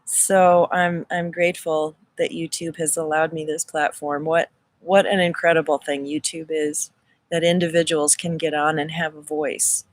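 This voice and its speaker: A woman's voice: low voice, flat delivery, moderate pace. A woman hosting a live stream, talking in a casual spiritual monologue, earnest and effusive, often restarting and repeating her words. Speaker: spiritual reader hosting a livestream.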